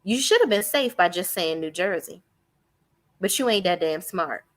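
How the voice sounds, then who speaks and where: A woman talks straight to her viewers, recapping reality TV. She is sassy and profane and mocks the cast without holding back. Her pitch leaps around with a lot of life. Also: lively intonation, moderate pace. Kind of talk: unscripted live recap.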